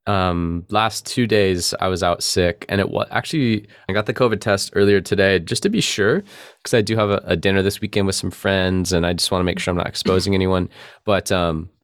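A man's voice: deep voice, a little fast, clean tone, dry recording, clean studio sound. A man hosting a podcast interview, affirming his guest and asking prepared questions. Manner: affirming, encouraging, many fillers. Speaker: podcast host.

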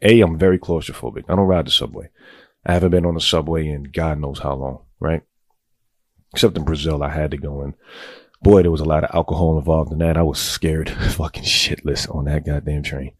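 A man's voice: extremely low pitch, fairly even intonation, a little fast, no echo, studio quality. A man telling a long, rambling personal story in casual, profane street talk. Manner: rambling, streetwise, goes on tangents.

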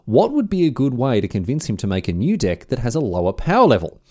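A young man with an Australian accent, co-hosting a casual podcast and animatedly acting out quoted lines. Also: quick pace. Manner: animated, jumps into high voices for quoted lines. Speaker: podcast co-host.

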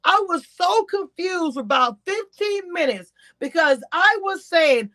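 A woman giving chatty, animated reality-TV commentary on a livestream, talking straight to her chat. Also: very high-pitched, unhurried, hardly any pauses, dry recording. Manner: grows exasperated and incredulous. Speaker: YouTube commentator.

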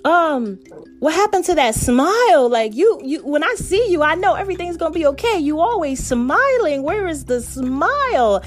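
A woman voicing a concerned male coworker who asks quick, eager questions. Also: high voice, big pitch swings, faint music behind, pitched above the performer's own voice.

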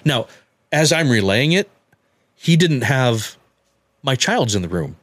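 A man telling a personal story on a podcast, halting and repeating words as he acts out what people said. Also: medium pitch, sing-song, dry recording. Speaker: guest telling his story.

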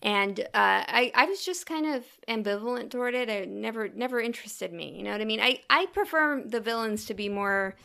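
A woman co-hosting a podcast in casual chat, relaxed and wry with some hesitation. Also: a little high, a little fast, gravelly, few pauses. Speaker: podcast co-host.

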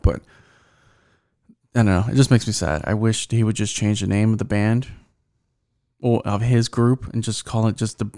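A man's voice: fairly low pitch, fairly even intonation, moderate pace, pauses often, dark tone. A young man hosting a solo podcast, rambling and swearing, with many fillers and restarts. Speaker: podcast host. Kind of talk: casual solo podcast rant.

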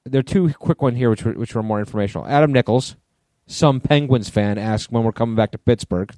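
Hoarse, chatty man. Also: mid-range voice, fairly quick, darkish tone, no echo, studio quality. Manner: chatty, reads listener questions. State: hoarse, clearing throat. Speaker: podcast co-host. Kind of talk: casual chat.

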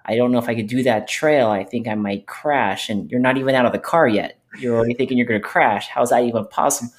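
A man hosting a podcast, chatting in a relaxed, conversational way with many fillers. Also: on the low side. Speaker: podcast host. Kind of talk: casual podcast chat.

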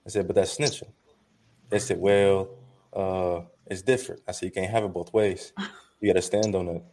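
Low-voiced man in earnest talk. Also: flat delivery, moderate pace, dark tone. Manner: earnest, tells stories with quoted dialogue. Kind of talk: casual chat.

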